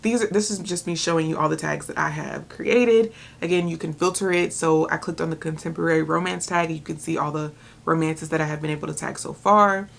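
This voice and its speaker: Chatty, gravelly-voiced woman book vlogger. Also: low voice, brisk, slight background noise. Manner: chatty and excitable, with filler words. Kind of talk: casual chat.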